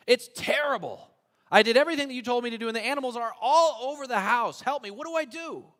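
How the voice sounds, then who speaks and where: A pastor voicing a desperate poor family man who pleads for help in a high, loud voice. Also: wildly swooping pitch, a little slow, heavily acted. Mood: frantic. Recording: church hall reverb.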